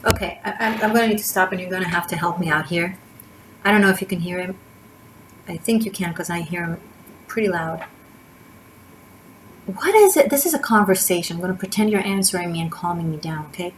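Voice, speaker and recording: Woman doing a tarot reading, talks kinda low, rambles a lot, faint street noise outside. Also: fairly even intonation, quick pace, low-quality recording. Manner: chatty, digressive, rambling with fillers. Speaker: tarot reader. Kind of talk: casual tarot reading monologue. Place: indoors by a street. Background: faint sirens and motorcycle noise from outside.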